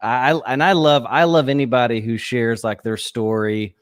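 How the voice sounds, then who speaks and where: Male podcast host, casual, restarts often, mid pitch, dry mic. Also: steady tone, normal speed, no echo. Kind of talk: casual chat.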